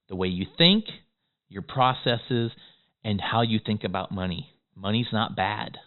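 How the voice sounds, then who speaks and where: A man delivers a motivational business lesson in a quick, excitable rush, tagging his points with "okay?". His voice is smooth and resonant at a middle pitch. The sound is squeezed and tinny, like a phone line. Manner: fast-talking, excitable, peppers lines with "okay?". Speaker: business course instructor. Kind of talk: motivational course lecture.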